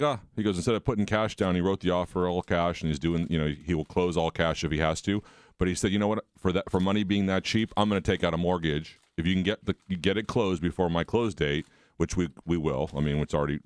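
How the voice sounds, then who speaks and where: Low-voiced guy on radio, rambly storytelling, dry mic. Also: fairly even intonation, fast talker, no echo. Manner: rambling, anecdotal, with restarts. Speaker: radio show co-host, mortgage lender. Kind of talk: radio talk show chat.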